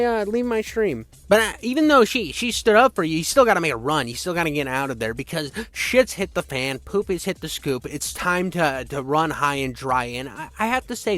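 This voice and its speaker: A man's voice: a little high, a bit bright. Crude, profane male game reviewer. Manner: crude, profane, fast riffing asides. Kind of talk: casual retro game commentary.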